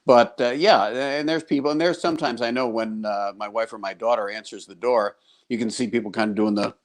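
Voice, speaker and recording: Older American man, animated storyteller. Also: medium pitch, brisk. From United States. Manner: chatty, laughs easily, animated when quoting people. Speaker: guest TV horror host. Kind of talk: casual interview chat. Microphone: video call.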